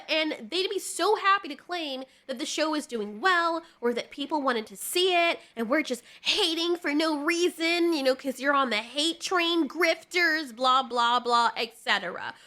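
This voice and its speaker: A woman's voice: high-pitched, sharp tone. A woman reading her own scripted video commentary, sarcastic and ranting, passionate as she speaks. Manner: calls herself passionate when she speaks. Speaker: online commentator.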